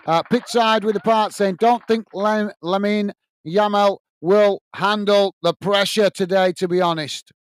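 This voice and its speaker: Upbeat high-voiced man calling football live. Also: steady tone, measured pace, smooth, no echo. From United Kingdom. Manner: upbeat, reads out viewer messages and calls the play. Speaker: watch-along host. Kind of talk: live football commentary and chat reading.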